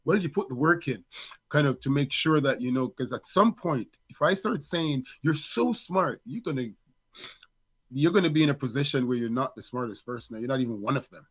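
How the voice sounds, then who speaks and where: A middle-aged father co-hosts a podcast, speaking at medium pitch and a little fast. His talk is casual and reflective, full of restarts and fillers, like an easygoing conversation.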